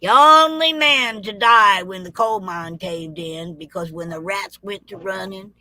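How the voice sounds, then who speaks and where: A woman's voice: lowish voice, low-quality recording. A woman telling comic tall tales in a folksy, drawling storytelling manner. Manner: drawling, rural, lively tall-tale delivery.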